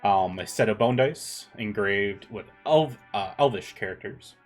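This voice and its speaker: A man with a lowish voice runs a tabletop game as game master, loose and joking, pausing and correcting himself as he reads out loot and rules. Soft guitar music plays faintly behind him. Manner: relaxed, joking, stumbles over rules text.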